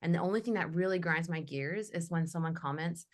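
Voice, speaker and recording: A woman's voice: on the low side, fairly quick. A young woman who sings in a metal band, speaking passionately in a casual panel discussion and telling her stories with animation. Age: young adult. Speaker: guest, metal vocalist.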